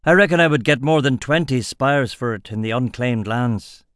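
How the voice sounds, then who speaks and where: A man voicing an old barbarian highlander, blunt and gruff, with a folksy drawl and rough grammar. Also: moderate pace, fairly bright tone, no echo, studio quality, lightly acted.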